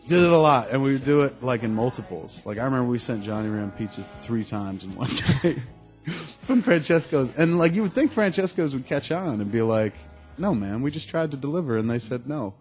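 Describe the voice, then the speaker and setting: A mid-pitched man co-hosting a loose, casual podcast. He tells jokey stories and swears freely, laughing often along the way. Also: lively intonation, brisk, darkish tone, faint music behind. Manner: profane, joking storyteller who laughs often. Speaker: podcast co-host.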